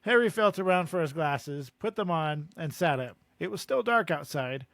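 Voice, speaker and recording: A man's voice: fairly high pitch, animated, normal speed, fairly bright tone, dry recording. A man co-hosting a casual book-discussion podcast, reading passages aloud and laughing often as he goes. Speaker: podcast co-host.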